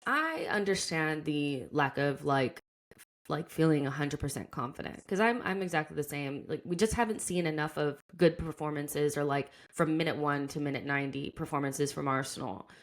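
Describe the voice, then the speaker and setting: A woman's voice: deep voice, moderate pace. An American woman hosting a casual football podcast chat, talking easily, laughing often and leaning on "like". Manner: chatty, laughs often, leans on "like". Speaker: podcast host.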